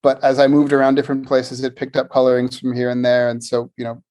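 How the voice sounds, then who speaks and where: An American man with a Philadelphia accent, a guest in a casual conversation, speaking thoughtfully and haltingly with many fillers. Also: mid-range voice, monotone, a little mellow. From Philadelphia area, United States.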